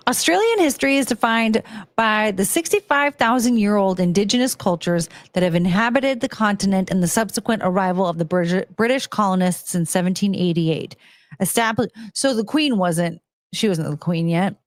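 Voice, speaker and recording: A woman streamer rambles through a casual live chat, giggling and poking fun at herself as she goes. Her voice sits at an ordinary middle pitch and sounds close and dry, with no room echo at all. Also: lively intonation, normal speed. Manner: rambling, giggly, self-mocking.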